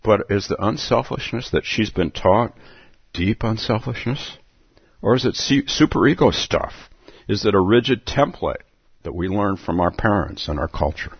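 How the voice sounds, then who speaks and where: Man giving a zen dharma talk, low voice, lively and musing, husky, dull dry recording. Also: moderate pace, no room sound. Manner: reflective, musing, chuckles often. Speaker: Zen teacher.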